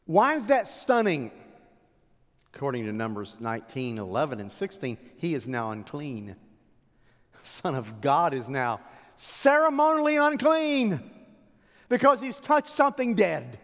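A pastor preaching a sermon, swinging from loud declarations to hushed whispers. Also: male voice, on the high side, very animated, a little slow. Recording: long hall reverb.

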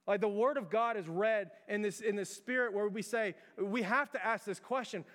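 A high-voiced man delivers a sermon, talking casually with lots of fillers and firing rhetorical questions at the congregation. His voice rings out with a long reverb, as in a large hall. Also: brisk, hardly any pauses, a bit bright. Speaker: pastor.

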